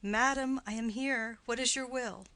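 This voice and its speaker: A woman reading the part of a polite, reserved young noble daughter in an audiobook play, speaking softly. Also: a little high, steady tone, normal speed.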